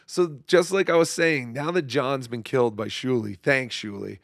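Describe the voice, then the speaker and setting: Hoarse dude hosting a stream, gravelly croaky voice, reading chats, swears a lot, dry close sound. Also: male voice, mid-range voice, moderate pace, dry recording. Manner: profane, mumbling, self-deprecating. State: hoarse, losing his voice. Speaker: show host. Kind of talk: casual livestream chat, reading viewer messages.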